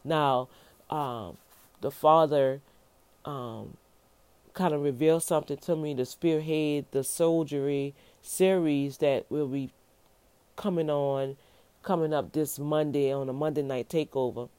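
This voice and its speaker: A woman's voice: sits low, fairly even intonation, measured pace, warm tone, clear, resonant tone, dry recording. A woman in her fifties giving an informal devotional teaching as a minister, emphatic and folksy, repeating words for stress. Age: 50s.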